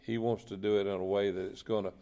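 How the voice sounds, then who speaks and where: A man's voice: on the low side, level tone, fast, mellow. A middle-aged man, a chaplain telling an earnest, folksy faith story and repeating his points. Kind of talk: testimony storytelling on a talk show.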